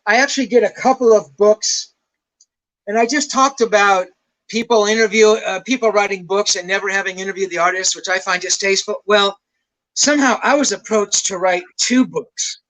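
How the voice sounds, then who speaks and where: An older man with a high-pitched voice tells stories as a guest on a show. He rambles, swears casually and chuckles at his own tales. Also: moderate pace, fairly bright tone, poor audio. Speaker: rock journalist guest. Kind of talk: casual anecdotal storytelling.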